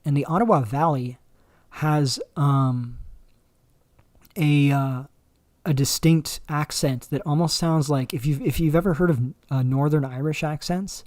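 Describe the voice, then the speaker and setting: A man hosting a livestream, talking in a rambling, halting way with many fillers and restarts. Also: fairly high pitch, darkish tone, no room sound, clean studio sound. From Canada. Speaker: livestream host. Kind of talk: casual livestream commentary.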